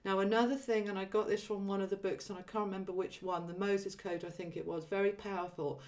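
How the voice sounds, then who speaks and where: This spiritual livestream host talks fast with few pauses in a mid-range voice, picked up by a distant mic. She keeps things relaxed and chatty, says um often, and reads viewer comments out loud.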